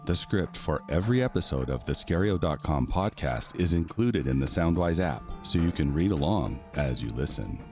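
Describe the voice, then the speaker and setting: A man announcing a podcast intro in a measured, scripted way. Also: a bass voice, lively intonation, darkish tone, soft background music.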